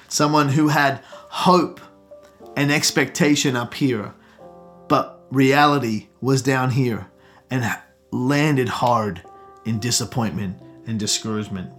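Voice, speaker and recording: A man's voice: medium pitch, slow. A man preaching a sermon with rising emphasis and call-outs to the congregation. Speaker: pastor. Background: soft guitar music.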